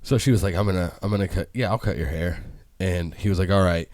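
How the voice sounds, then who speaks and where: A man co-hosting a podcast, chatting casually and acting out the people in his stories with lively quotes. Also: low-pitched, quick pace, no room sound, studio quality. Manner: animated storyteller, acts out quotes. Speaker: podcast co-host. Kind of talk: casual chat.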